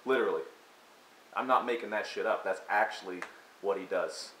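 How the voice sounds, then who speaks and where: A man's voice: on the low side, normal speed. A man giving a crude, mocking rant of an album review, breaking into exaggerated impressions. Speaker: music reviewer. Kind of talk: ranting comedic album review. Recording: echoey room with faint hiss.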